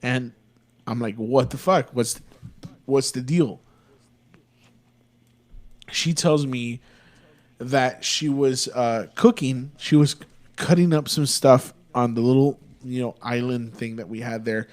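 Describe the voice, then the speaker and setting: With a somewhat dark tone and a mid-range pitch, a young Texan podcast co-host tells a meandering, foul-mouthed story. He sounds casual, easygoing and unhurried.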